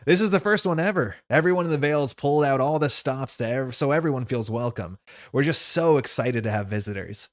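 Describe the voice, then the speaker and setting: A man voicing an eager, cheerful young village man in a board game reading, sounding bright and excited. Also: a little high, a little fast, few pauses, dry recording, studio quality, voice pushed up, natural voice.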